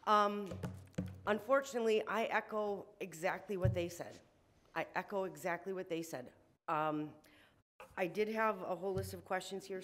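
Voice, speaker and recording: An upset woman making a public comment at a city meeting, emotional and shaky, with frequent ums. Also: medium pitch. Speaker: resident speaking at public hearing. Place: city council meeting room.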